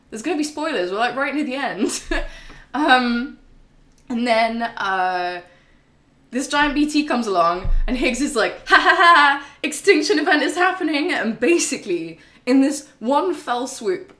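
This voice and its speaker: A woman's voice: fairly high pitch, lively intonation, measured pace. A woman streamer giving a casual, rambling game recap to her live chat, swearing freely and full of ums and laughs. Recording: roomy echo.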